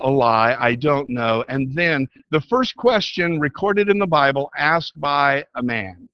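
Man, preacher, sermon, earnest, slightly high voice, dull lo-fi sound. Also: no echo. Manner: earnest preaching, reads scripture aloud with rising and slowing emphasis.

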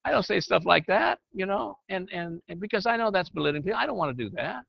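A man's voice: high-pitched, animated, fast talker, gravelly, no room sound. An older man who counsels and teaches church leaders, talking in a folksy, conversational way that slips into preaching. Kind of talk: informal teaching to a group. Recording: dry, muffled lo-fi recording.

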